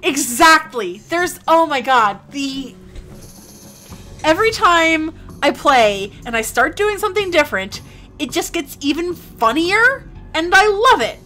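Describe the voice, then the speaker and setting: A woman's voice: high voice, sing-song, measured pace, sharp tone, faint music behind. A young woman streaming a game live, chatting casually and reading game text aloud playfully.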